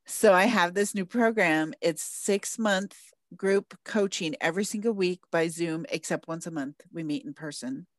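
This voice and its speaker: A woman's voice: fairly low pitch, moderate pace, no echo. A woman hosting an interview podcast, bubbly and gushing, laughing often as she chats. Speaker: podcast host. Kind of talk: casual interview chat.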